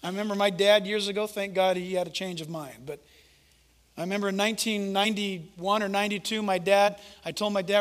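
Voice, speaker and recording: A male preacher giving an animated, conversational sermon and acting out the quotes he tells. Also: high-pitched, a little fast. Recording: echoey hall reverb.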